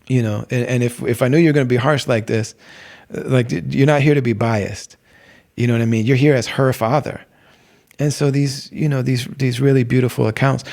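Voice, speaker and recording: A man's voice: mid-range voice, darkish tone. A middle-aged man hosting a podcast, talking casually about faith and wandering off with lots of fillers and restarts. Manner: rambling, many fillers and restarts. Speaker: podcast host. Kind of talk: casual religious talk.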